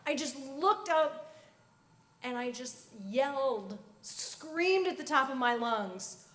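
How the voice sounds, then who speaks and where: A woman at a youth convention giving an earnest personal testimony that turns soft and quiet at its key points. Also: high-pitched, lively intonation, slow pace. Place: large convention hall. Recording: echoey hall.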